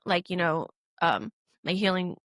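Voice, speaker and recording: A woman's voice: lowish voice, lively intonation, a little slow, a bit bright, no echo, studio quality. A young woman co-hosting a podcast, telling her story candidly and emotionally, with many fillers. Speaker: podcast co-host. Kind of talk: casual conversation.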